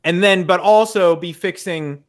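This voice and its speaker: A man's voice: high-pitched, a little slow. A young man talking casually in a podcast conversation, frank and emphatic, with frequent swearing. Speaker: podcast guest. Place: in the US Midwest.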